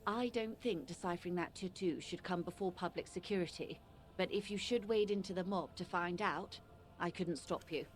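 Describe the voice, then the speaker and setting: An actress playing a polite woman of authority in a game, who speaks in a calm and formal way. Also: on the low side, moderate pace, slight background noise, lightly acted.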